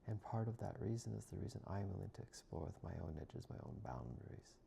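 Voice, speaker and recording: A man speaking as a spiritual healer in a slow, soft, reflective monologue, often drifting into a whisper. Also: low-pitched, sing-song, gravelly, a little hiss or hum.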